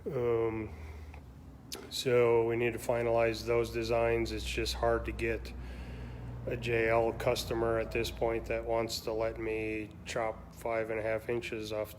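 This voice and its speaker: Slow, flat-voiced man talking shop. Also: medium pitch, a little hiss or hum. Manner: relaxed, rambling, many ums. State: has the hiccups. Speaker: shop owner hosting a weekly live stream. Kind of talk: casual live-stream product talk.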